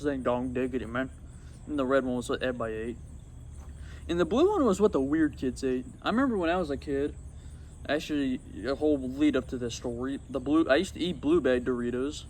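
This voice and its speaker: A young man talking casually about his old video on his phone outdoors, rambling and excitable. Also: medium pitch, a little hiss or hum. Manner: rambling and excitable, swats at bugs. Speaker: YouTuber. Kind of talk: casual vlog commentary. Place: outdoors among insects.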